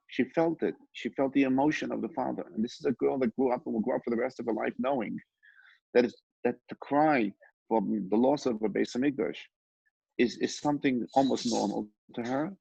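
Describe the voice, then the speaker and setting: A man teaching a Torah class and telling stories in an unhurried, halting way, with many pauses and restarts. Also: mid-range voice, creaky, darkish tone, husky, no echo. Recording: dull, lo-fi, dry sound.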